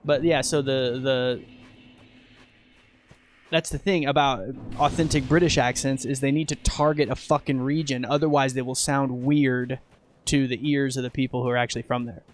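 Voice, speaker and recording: A man commentating casually as he streams a game, chatting with viewers, excitable and profane. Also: mid-range voice, normal speed, slight background noise. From United States.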